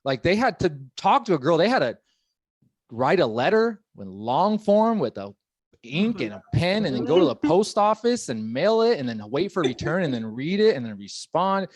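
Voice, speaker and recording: A man in his thirties works through a stand-up set in a rambling, self-deprecating way, leaning on fillers as he goes. His voice sits a touch high and swings widely in pitch. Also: big pitch swings, moderate pace, no room sound. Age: 30s. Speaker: stand-up comedian. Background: audience laughing.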